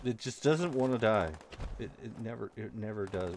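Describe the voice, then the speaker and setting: A man chatting casually with friends while playing a game, excitable, stammering and making sound effects. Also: on the low side, normal speed, slight background noise. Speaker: gaming youtuber. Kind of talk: casual gaming chat with friends.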